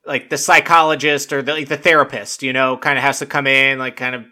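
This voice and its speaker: Bright-voiced rambling young man. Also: medium pitch, level tone, brisk. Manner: rambling, profane, full of "like" and laughter. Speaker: podcast host. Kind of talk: casual recap commentary.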